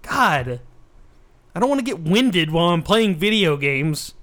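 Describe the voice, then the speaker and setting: High-voiced man ranting profanely. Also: sing-song, unhurried, a bit bright. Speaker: podcast co-host. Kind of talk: casual chat.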